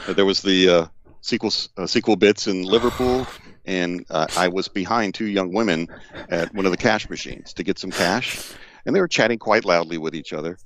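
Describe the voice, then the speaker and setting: An American man from the Deep South, a guest telling relaxed stories in a casual interview over a video call. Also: moderate pace, a little hiss or hum. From Deep South of the United States.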